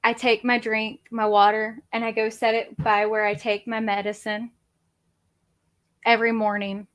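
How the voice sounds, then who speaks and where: A woman's voice: a little high, flat delivery, normal speed, a bit bright. A woman, hosting a casual livestream chat from her home office in a rambling, chatty, self-deprecating way. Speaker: crafting channel host.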